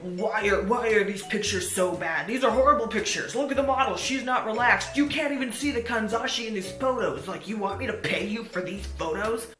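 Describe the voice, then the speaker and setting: A woman's voice: mid-range voice, lively intonation, moderate pace, sharp tone. A woman doing a rude, demanding CEO. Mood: complaining. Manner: complaining and demanding. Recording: echoey room, faint music.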